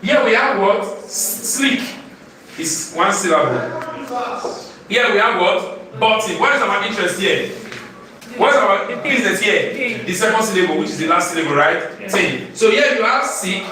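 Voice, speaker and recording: Teaching literature live, a man questions his class call-and-response style, repeatedly ending with "what?" for them to fill in. His high voice is pushed and bright, with lively intonation at a moderate pace, picked up by a distant mic in an echoey room where the class can be heard.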